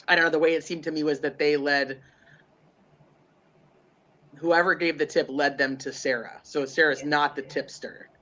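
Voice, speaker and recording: A man's voice: a little high, fairly even intonation, normal speed, pauses often, pushed and bright. A congested man co-hosting a true crime livestream, rambling and thinking aloud with lots of fillers. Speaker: livestream co-host.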